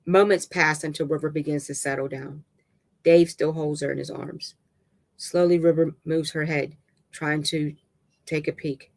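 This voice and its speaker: A narrator reads a dramatic novel aloud in a steady mid-range pitch, with a plain, unpolished delivery. The reading is halting, as the narrator now and then trips over a word and begins it again.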